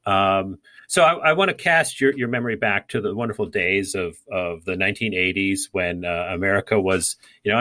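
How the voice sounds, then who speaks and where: A man's voice: lowish voice, sharp tone. A man co-hosting a podcast, talking casually and rambling with many fillers and restarts. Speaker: podcast co-host. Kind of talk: casual gardening chat.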